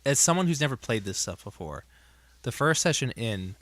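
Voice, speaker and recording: A man's voice: medium pitch, sing-song, moderate pace, fairly bright tone, dry recording. A man who plays in a tabletop group, answering in short, hesitant replies in a casual chat. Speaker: player in the gaming troupe.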